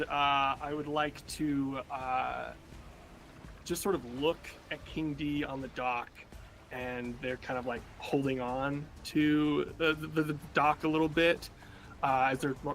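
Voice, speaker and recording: Tabletop player, male, higher-pitched, halting but animated descriptions. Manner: animated, hesitant, many fillers and restarts. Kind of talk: tabletop game play, casual chat.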